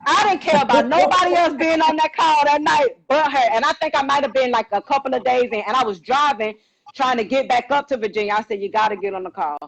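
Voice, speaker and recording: High-voiced woman telling a lively story. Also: fast, gravelly, poor audio. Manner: animated, acts out quotes, exclaims. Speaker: podcast co-host. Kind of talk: casual storytelling chat.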